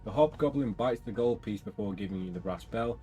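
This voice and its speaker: A man's voice: mid-range voice, fairly quick, faint music behind. A man casually playing a gamebook, joking and reading passages and choices aloud. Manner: relaxed joking banter, reads passages aloud. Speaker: gamebook co-player. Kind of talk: casual gamebook play-through.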